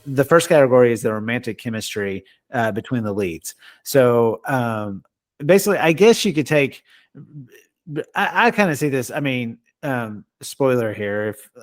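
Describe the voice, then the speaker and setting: A man hosting a podcast in casual chat, speaking in a relaxed, halting way with restarts. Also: medium pitch, no room sound. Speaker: podcast host.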